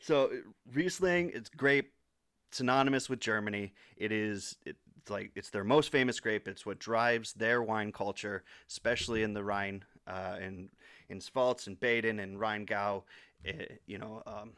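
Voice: mid-range voice, measured pace, fairly bright tone, clean tone, no echo, clean studio sound. A podcast co-host in a casual wine chat, teasing and wry, laughing easily.

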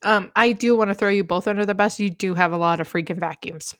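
A woman's voice: medium pitch, steady tone, fast, dry recording, studio quality. A woman co-hosting a podcast, telling stories casually with frequent giggles. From Colorado. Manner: giggly storytelling. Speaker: podcast co-host. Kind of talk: casual chat.

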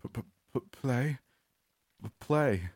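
A man putting on a broken young woman, her voice raised high above his own low register and thin with weakness. She talks in halting, trembling fragments, childlike and unsettlingly eager. The sound is dry and close. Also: lively intonation, darkish tone, no room sound. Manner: weak, trembling, halting speech. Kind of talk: horror story reading.

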